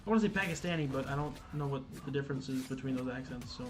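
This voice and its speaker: This man hosts a laid-back gaming livestream, talking loosely with viewers while swearing and tripping over restarts and fillers. His pitch is medium and he speaks very fast.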